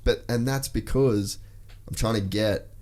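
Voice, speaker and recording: A man's voice: lowish voice, measured pace, darkish tone. An Australian man hosting a casual podcast, talking bluntly and swearing freely in long rambling runs. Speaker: podcast host.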